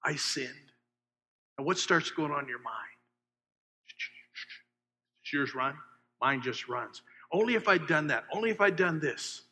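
Bright-voiced preacher in a reverberant hall. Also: male voice, a little high, lively intonation, slow, pauses often. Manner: swings from loud emphasis to hushed, asks the congregation questions. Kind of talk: sermon.

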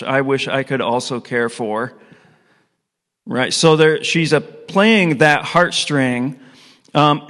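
A man's voice: fairly high pitch, fairly bright tone. A middle-aged man preaching a conversational sermon, telling a story and asking his listeners questions. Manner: casual, storytelling, asks the audience questions. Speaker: pastor. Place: church hall with an audience. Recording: long hall reverb.

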